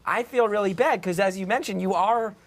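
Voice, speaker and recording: A man's voice: high voice, a little fast. A man hosting a live comedy show, flustered and stammering through apologies. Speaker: host. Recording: loud studio audience.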